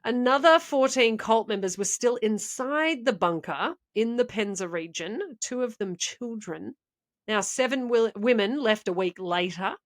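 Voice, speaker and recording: A podcast co-host with a fairly high voice talks a little slowly as she tells a story. Her delivery is rambling and chatty, and she laughs often throughout the casual chat.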